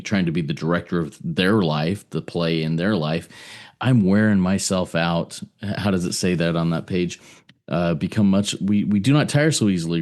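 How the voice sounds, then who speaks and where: A man with a very low voice co-hosts a podcast. He speaks in a reflective, casual way. He often stalls and repeats words while he works out his thoughts. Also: darkish tone. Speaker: podcast co-host. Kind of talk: casual recovery podcast talk.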